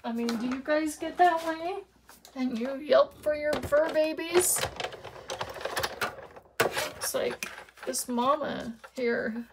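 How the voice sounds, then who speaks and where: A woman's voice: high voice, slow pace, long pauses, background noise. A woman chatting casually to her viewers while she demonstrates card making at her craft desk.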